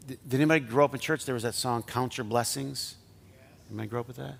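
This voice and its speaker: Man, pastor, sermon, conversational, gravelly, soft hushed asides. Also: mid-range voice, fairly even intonation, fast talker, a little hiss or hum. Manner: conversational preaching that drops to soft, near-whispered lines.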